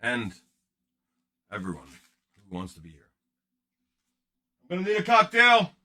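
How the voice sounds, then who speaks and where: A man's voice: high-pitched, wildly swooping pitch, a little slow, pushed and bright. A man hosting a card-breaking livestream, rambling and joking casually with his viewers in chat.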